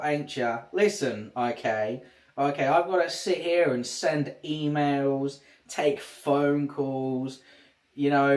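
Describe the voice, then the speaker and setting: Man streamer, casual, self-interrupting talk, mid pitch, echoey room. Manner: rambling, restarts sentences often. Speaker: livestreamer. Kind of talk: casual livestream chat. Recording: roomy echo.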